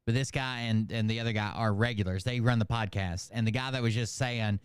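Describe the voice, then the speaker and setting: A man hosting a reaction channel, commenting on clips in a relaxed, loose way and swearing casually. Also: lowish voice, a little fast, clear, resonant tone, dry recording, clean studio sound.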